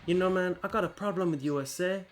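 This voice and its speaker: A man's voice: high-pitched, fast talker, voice pushed up, lightly acted, rough recording. Guy doing a cocky accented wrestler, taunting, faint game music behind. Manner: swaggering taunts. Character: brash wrestler boasting with a put-on accent.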